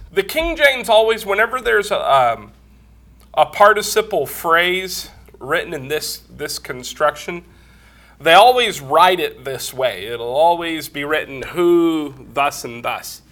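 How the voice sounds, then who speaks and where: A man's voice: a little high, lively intonation, slow, sharp tone. A man preaching a Bible lesson, explaining grammar step by step, congested and coughing from a cold. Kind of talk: Bible teaching sermon.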